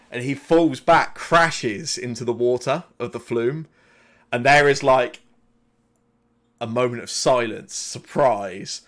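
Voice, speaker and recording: A man in the game master's seat, telling the story of a tabletop session in a relaxed, rambling way. His voice sits at an ordinary middle pitch, and he pads his narration with casual fillers. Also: measured pace. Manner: loose, conversational narration full of fillers.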